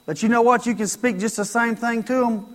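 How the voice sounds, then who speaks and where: High-voiced man preaching in a reverberant hall. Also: steady tone, fairly quick, a bit bright. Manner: storytelling, acts out quoted lines, repeats phrases. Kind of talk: sermon.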